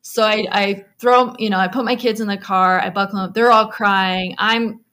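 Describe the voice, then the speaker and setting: A woman's voice: mid-range voice, steady tone, normal speed, bright, forceful tone. A woman telling her own story in an interview, speaking candidly with frequent fillers and restarts. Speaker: guest recounting a personal story.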